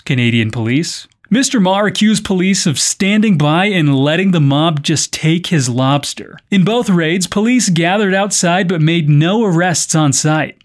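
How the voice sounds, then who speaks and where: Man hosting a news podcast. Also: on the high side. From North America. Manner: playful, wry comments between read stories. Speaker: podcast host. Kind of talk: news reading with joking asides.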